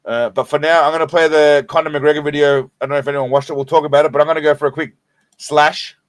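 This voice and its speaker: A man's voice: on the high side, fairly even intonation, fast talker, no echo. An Australian man hosting a live stream, rambling and swearing in a laid-back way while stoned. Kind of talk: casual live stream chat.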